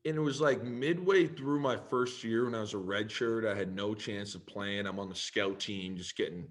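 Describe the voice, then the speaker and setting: Animated man telling stories. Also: fairly low pitch, normal speed. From Canada. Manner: animated, swears freely, talks in long run-on stories. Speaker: guest, football player. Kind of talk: casual storytelling in a podcast interview.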